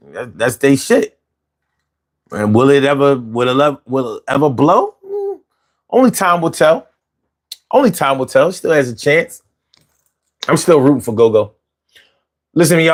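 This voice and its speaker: Tired, loose-talking male stream host. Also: mid-range voice. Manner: loose, repetitive, slangy, restarts words. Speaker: livestream show host. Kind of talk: casual livestream chat.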